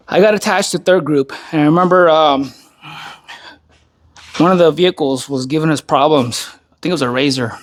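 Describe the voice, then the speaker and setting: Blunt, profane army veteran man, fairly high voice. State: tired, worn down by recent illness. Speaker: army veteran turned speaker. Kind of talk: casual spoken monologue.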